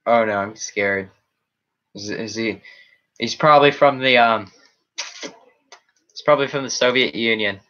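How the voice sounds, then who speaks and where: A man drawls through a casual live stream, wandering from one chat comment to the next. His relaxed, unhurried talk sits in a muffled, lo-fi recording picked up at a webcam setup. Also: mid-range voice. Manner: rambling, reacting to chat comments.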